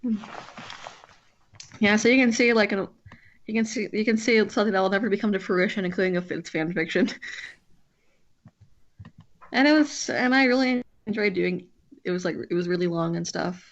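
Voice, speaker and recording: A woman's voice: mid-range voice, a little fast, long pauses, muffled recording, a little hiss or hum. A woman streamer chatting casually with a friend while drawing, rambling and often breaking off to restart her sentences.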